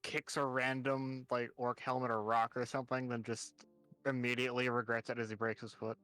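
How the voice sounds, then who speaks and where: A man's voice: medium pitch, flat delivery, a little fast, pushed and bright, no echo, faint music behind. A man playing a tabletop game in casual chat, joking and rambling. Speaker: player.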